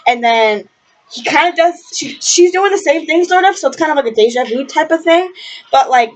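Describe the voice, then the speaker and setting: A woman's voice: sits high, animated, moderate pace. A young woman casually reviewing a book in a vlog, gushing and rambling with lots of fillers, passionate and swearing freely. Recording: lo-fi webcam audio.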